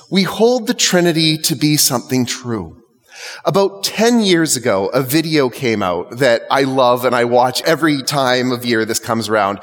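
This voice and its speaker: A male clergyman preaching a sermon to his congregation in a conversational, lightly humorous way. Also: fairly high pitch. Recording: long church reverb.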